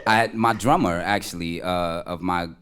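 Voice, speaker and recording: A man's voice: low-pitched, normal speed, fairly bright tone. A man, the show's music director, chatting casually and telling a slangy, rambling work story. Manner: laid-back, slangy, rambling. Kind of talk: casual chat.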